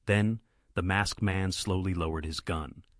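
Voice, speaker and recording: A man reading a dramatic story aloud in a steady narration. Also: low voice, unhurried, no room sound, studio quality.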